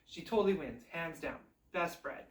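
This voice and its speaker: A woman telling a fairy tale aloud in a chatty, animated, conversational way. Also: deep voice, moderate pace, reverberant, distant mic. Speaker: storyteller. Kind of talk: casual oral storytelling.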